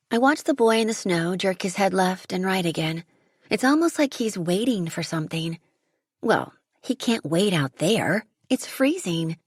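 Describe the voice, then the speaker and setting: A woman's voice: medium pitch, lively intonation, a little slow, breathy edge, no room sound, clean studio sound. A woman narrating a first-person audiobook, telling the story in a vivid, dramatic way.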